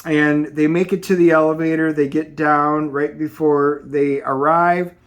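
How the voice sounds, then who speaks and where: A man's voice: a little high, flat delivery, measured pace. A man casually recapping a comic book's plot as a reviewer, rambling with lots of ums and uhs. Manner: rambling, filler-heavy summarizing.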